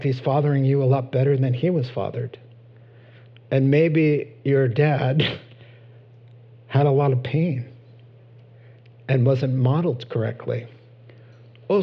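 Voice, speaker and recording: A man preaching a sermon in an animated way, acting out short voices and rising to excited high peaks. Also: husky. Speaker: pastor. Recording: dull lo-fi sound.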